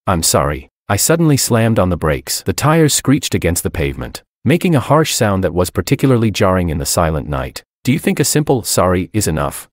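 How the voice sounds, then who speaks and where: Man, storyteller, deep voice, animated delivery, dry recording, cold dramatic narration. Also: no room sound. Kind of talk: first-person scripted story narration.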